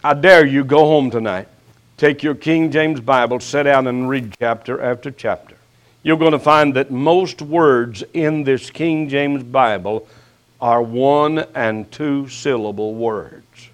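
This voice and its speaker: An older man preaching a sermon as pastor, his voice rising sharply and then dropping to a hush, with folksy, teasing jabs at his listeners. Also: medium pitch. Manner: slow preaching with sharp rises and hushed drops.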